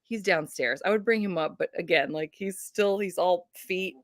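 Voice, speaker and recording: A woman's voice: fairly low pitch, normal speed, no echo, clean studio sound. A woman in her thirties hosting a casual video chat, telling stories with laughs and acted-out voices. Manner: animated storyteller, acts out voices with laughs. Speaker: host.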